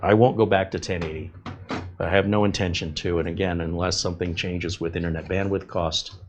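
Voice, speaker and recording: With a low, fairly even voice and a quick pace, a middle-aged tech host rambles conversationally through a computer build. Fillers and tangents pepper his casual chat, and there's a slight hiss or hum on the recording.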